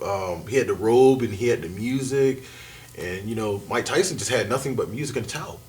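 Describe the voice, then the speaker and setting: A man chatting as a guest on a talk show, animated and laughing often. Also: lowish voice, a little fast. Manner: animated, laughs often, jumps between thoughts. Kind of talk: casual chat.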